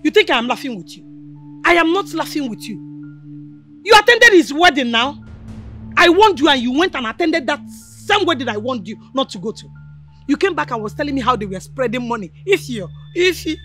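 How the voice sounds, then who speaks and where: A woman's voice: sits high, big pitch swings, a little fast, a bit bright, soft background music. An actress with a Nigerian accent playing an older mother who scolds and mocks her son, laughing between taunts. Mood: gloating. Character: mocking scolding Nigerian mother, loud and gloating.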